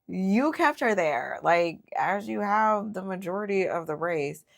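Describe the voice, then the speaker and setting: A woman's voice: medium pitch, moderate pace, vocal fry, hardly any pauses. A woman giving a casual, opinionated recap of a reality show, chatty and full of fillers. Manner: opinionated, animated, lots of fillers. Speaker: recap host.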